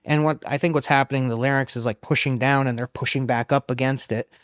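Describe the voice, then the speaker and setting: A man who coaches singers, explaining in a loose, halting way during a casual podcast interview. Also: medium pitch, steady tone, clean tone, no room sound, studio quality. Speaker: vocal coach. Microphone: studio microphone.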